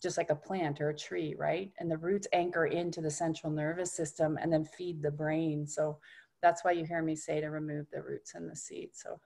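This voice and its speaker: Lady doing an energy healing session, low-ish voice, soft and reassuring, goes quiet a lot. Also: level tone, gravelly. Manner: soft-spoken, often dropping to a hushed tone; unhurried, reassuring coaching. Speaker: energy healer.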